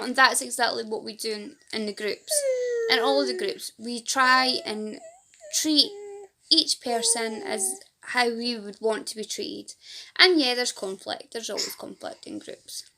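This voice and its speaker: A woman's voice: on the high side, bright, forceful tone, a little hiss or hum. A woman from Scotland with a Fife accent, a support group founder making an earnest, rambling appeal in a casual talk to camera. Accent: Scottish, Fife. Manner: earnest, rambling, emotional at times.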